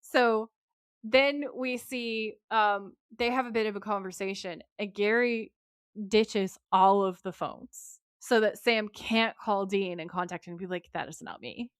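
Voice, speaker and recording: A woman's voice: mid-range voice, steady tone, a little slow, smooth, no echo, clean studio sound. A woman, co-hosting a podcast and animatedly recapping an episode, acting out quotes from her notes. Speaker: podcast co-host. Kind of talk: casual recap chat.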